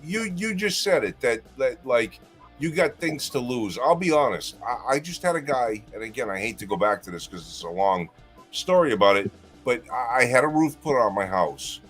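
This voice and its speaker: A man with a husky, breathy voice telling a story in a casual live chat. His pitch swings widely, and he gets heated and swears as the story builds. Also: sing-song, normal speed, fairly bright tone, faint music behind.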